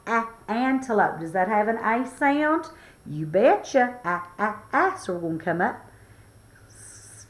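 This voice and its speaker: A woman's voice: mid-range voice, fairly bright tone. A woman teaching a children's phonics lesson in a playful, encouraging, sing-song way.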